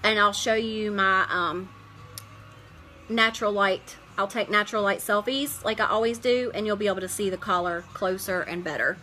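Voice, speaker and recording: A middle-aged woman hosting a live makeup tutorial, chatting warmly with viewers, greeting them by name and sharing heartfelt stories as she works. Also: medium pitch, low-quality recording.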